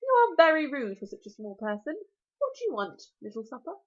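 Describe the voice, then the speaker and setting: Storybook dragon: a huge, smug male beast, cheerfully menacing, read by a British woman, lively and high, lo-fi. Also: moderate pace, full character voice. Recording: lo-fi recording.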